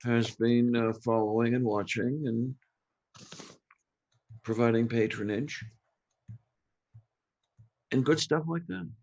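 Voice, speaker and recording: A man's voice: medium pitch, takes it slowly, pauses often, a little mellow, lo-fi sound. A man, a guest on the podcast, chatting casually and teasing the others. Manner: joking, teasing. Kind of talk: casual chat.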